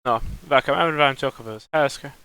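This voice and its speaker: A man giving loud, chatty casual commentary while playing a video game. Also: mid-range voice, a little fast, smooth. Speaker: streamer.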